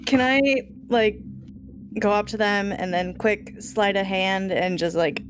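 A woman's voice: mid-range voice, a little slow, over music. A woman playing a tabletop game who speaks hesitantly and giggles often. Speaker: player. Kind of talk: casual play.

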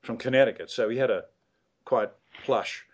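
A man's voice: mid-range voice, normal speed. Rambling older man telling stories. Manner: rambling, hesitant, many fillers and restarts. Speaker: guest. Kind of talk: casual storytelling interview.

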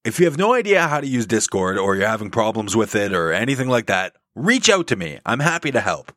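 Man in a lively put-on radio voice. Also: on the low side, no echo, studio quality. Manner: lively, drawn-out emphasis on key words. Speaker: podcast host. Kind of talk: scripted podcast update.

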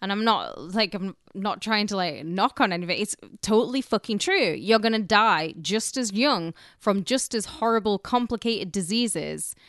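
A woman's voice: medium pitch, animated, normal speed, hardly any pauses, a bit bright, no echo, clean studio sound. A woman co-hosting a podcast, talking bluntly and emphatically in casual banter, with some swearing. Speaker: podcast co-host.

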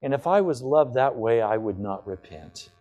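A man's voice: medium pitch, lively intonation, moderate pace, warm tone. A male pastor delivering a sermon to his congregation, building to fervent declarations. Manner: impassioned preaching, rising to fervent declarations.

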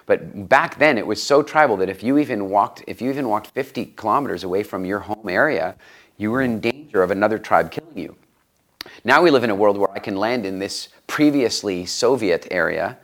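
Reflective middle-aged man, lowish voice. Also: animated, fairly quick, a bit bright. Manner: reflective, repeats words while searching for the next thought. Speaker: guest, studio owner. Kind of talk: conversational interview storytelling.

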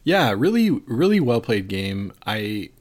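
A man's voice: fairly low pitch, big pitch swings, measured pace. A man co-hosting a curling show, breaking down a game in a rambling, thinking-aloud way. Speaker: co-host and curling analyst. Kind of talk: casual sports analysis.

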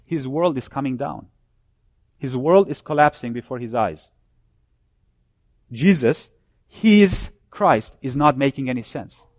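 A man preaching a sermon, building his points through repeated phrases and dropping low and soft when he cites scripture. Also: dry recording, clean studio sound.

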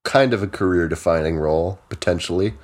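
Deep-voiced man with wry asides. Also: fairly quick. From Minnesota. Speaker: podcast co-host. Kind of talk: casual chat.

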